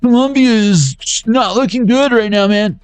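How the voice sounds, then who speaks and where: Guy playing a bossy dude nagging about coffee rations, high and squawky, naggy, dry room. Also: normal speed, clean tone, no room sound, natural voice. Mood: scolding. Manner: scolding, bickering.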